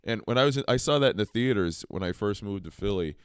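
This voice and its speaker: A man's voice: lowish voice, lively intonation, fast, clean tone, no echo, clean studio sound. A man co-hosting a comedy podcast, rambling through stories with frequent laughs. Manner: rambling, laughing, doing loud impressions. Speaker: podcast co-host. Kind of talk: casual comedy chat.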